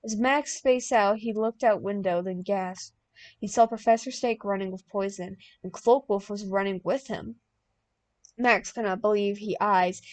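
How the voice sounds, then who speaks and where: A young woman reading a fan-written story aloud as an audiobook, plain and deadpan, bursting out loud in the dialogue. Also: medium pitch. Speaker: audiobook reader.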